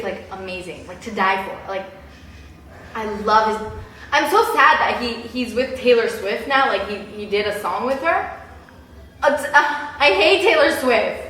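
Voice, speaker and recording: A woman's voice: mid-range voice, sharp tone, heavy reverb, far from the mic, slight background noise, low-quality recording. A young woman vlogging casually, gushing and chatty with lots of "like". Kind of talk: casual chat.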